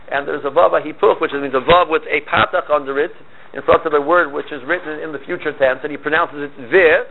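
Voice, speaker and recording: A man teaching a class, talking in a halting way with many restarts. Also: on the high side, vocal fry. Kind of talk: lecture on Hebrew grammar. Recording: tinny phone-like line, faint hiss.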